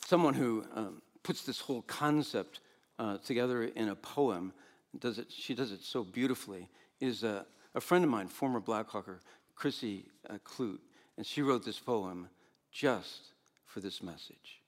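An older man preaching a sermon as pastor, animated, swinging between loud exclamations and soft asides, with frequent laughs. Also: lowish voice, a little slow.

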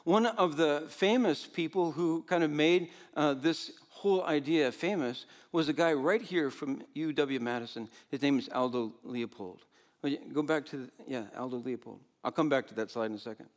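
This older man, preaching as a pastor, is animated and laughs frequently, alternating booming outbursts with soft side remarks. His pitch runs on the high side at a moderate speed.

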